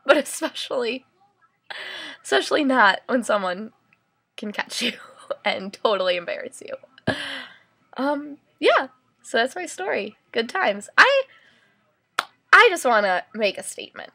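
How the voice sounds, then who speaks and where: Bright gravelly young woman vlogger. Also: sits high, animated, moderate pace. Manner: chatty, many fillers and "like"s, indignant rant. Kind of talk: casual storytelling to camera.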